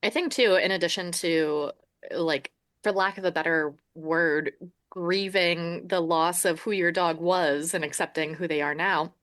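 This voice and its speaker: A woman's voice: lowish voice, steady tone, a little slow, a bit bright, dry recording, clean studio sound. A woman on a pet podcast, speaking thoughtfully and searching for the right words. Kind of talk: casual podcast chat.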